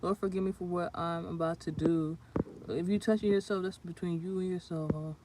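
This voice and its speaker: A woman's voice: on the low side, steady tone, fairly quick, noisy background. A woman on a casual livestream who reads tarot cards and viewer comments, speaking bluntly and swearing often. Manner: blunt and profane, trades insults with commenters. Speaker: tarot reader streaming live.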